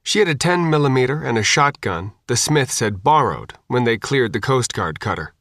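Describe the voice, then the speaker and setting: Casual: guy reading a thriller audiobook, even pace, middle voice, very dry sound. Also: medium pitch, moderate pace, no room sound. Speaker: audiobook narrator. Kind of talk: scripted audiobook narration.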